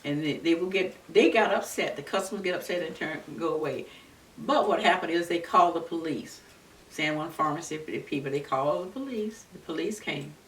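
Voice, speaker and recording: A woman in her seventies from Florida, recalling her civil rights days in an earnest, unhurried oral-history telling. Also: sits low. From Florida, USA. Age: 70s. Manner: earnest, unhurried storytelling with many restarts. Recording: roomy, distant mic with faint background noise.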